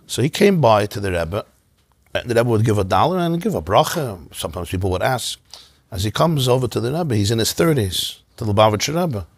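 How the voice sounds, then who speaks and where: Rabbi giving a relaxed class; husky, dry, conversational, animated asides. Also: male voice, fairly low pitch, a little fast, no echo. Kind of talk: informal Torah class. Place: synagogue.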